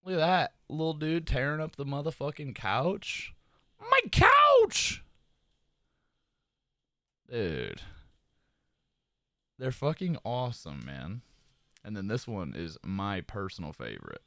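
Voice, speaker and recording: A young man live-streaming in a casual, profanity-laced chat with his viewers, his pitch swinging up and down as he hypes them up with loud shout-outs. The sound is dry, with no room echo. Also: expressive, moderate pace.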